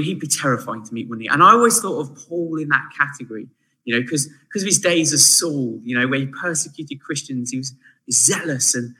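A man preaching a sermon in a chatty, animated way, often turning to the listeners with asides. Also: fairly high pitch, rough recording.

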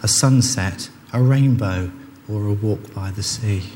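A man preaches in a church, earnest and conversational, his fairly low voice carrying a long reverb off the walls. A faint hum of ambience sits behind him. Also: measured pace, a little mellow. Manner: earnest, conversational, with frequent restarts. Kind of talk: sermon.

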